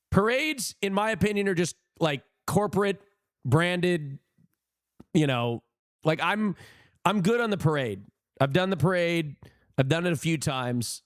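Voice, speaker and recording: Animated high-voiced man streaming. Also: no room sound, clean studio sound. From United States. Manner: animated, opinionated, talks to chat. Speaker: livestreamer. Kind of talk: casual chat with viewers.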